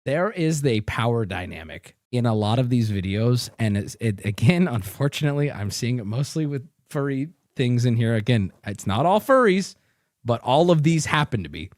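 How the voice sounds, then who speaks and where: Animated joking male streamer. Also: medium pitch, normal speed, no room sound, studio quality. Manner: crude, joking, incredulous. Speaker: streamer host. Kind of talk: casual reaction commentary.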